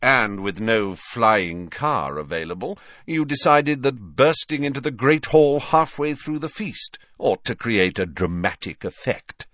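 A man voicing a cold, sneering male schoolmaster who speaks slowly and silkily with quiet menace. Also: mid-range voice, expressive, no room sound, studio quality.

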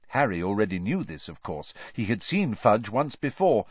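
A man narrating a story aloud in an expressive storytelling manner. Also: lowish voice, normal speed, few pauses, slightly rough, no echo. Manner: expressive storytelling with lively rises and falls. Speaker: audiobook narrator. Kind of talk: scripted narration. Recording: dull, dry studio recording.

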